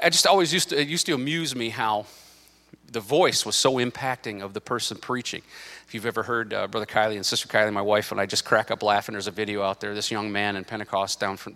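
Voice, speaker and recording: A middle-aged male pastor preaching a sermon in church, animated, swinging between loud bursts and quiet asides, with joking side remarks. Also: medium pitch, in a large hall. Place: church sanctuary.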